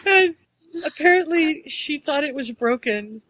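A woman with a bright, forceful voice hosts a podcast and chats casually. She tells stories in an animated way and laughs easily. Her pitch sits a little high. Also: unhurried, rough recording. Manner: animated storyteller, laughs often. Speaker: podcast host. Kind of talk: casual chat, retelling.

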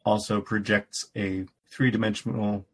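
A man's voice: on the low side, steady tone, measured pace, a bit bright, a little hiss or hum. A man co-hosting a podcast, recapping a story in casual chat with a dry, wry delivery. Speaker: podcast co-host.

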